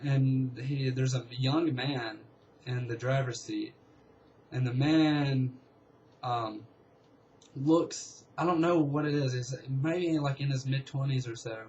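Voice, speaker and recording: A young man casually telling a long story, rambling and excitable, with lots of fillers. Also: medium pitch, takes it slowly, lo-fi sound, slight background noise. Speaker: vlogger.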